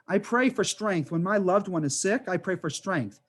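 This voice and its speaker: Rabbi teaching an adult class on a video call, higher male voice, chatty storyteller, full of rhetorical questions. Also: expressive, normal speed. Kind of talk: conversational class talk over video call.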